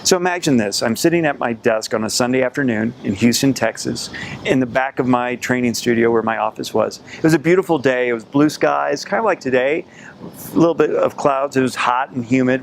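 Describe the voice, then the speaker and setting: A man's voice: mid-range voice, a little hiss or hum. A man in his forties, a sales coach, telling a personal story to camera in an earnest, reflective way.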